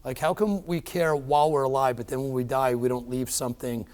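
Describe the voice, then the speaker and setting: A middle-aged man, appearing as an interview guest, tells his own story briskly and at a medium pitch. His manner is emphatic and animated, with many fillers and restarts.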